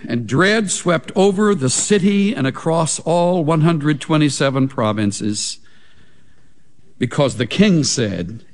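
A man preaching a sermon as a pastor, slow and emphatic, with big swings in pitch and loudness. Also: expressive, long reverb tail.

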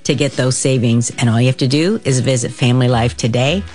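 A woman's voice: very deep voice, brisk, a little mellow. A woman co-hosting a radio program, giving listeners the web address and inviting messages. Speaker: radio show co-host. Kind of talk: program announcements. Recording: studio voice with music bed.

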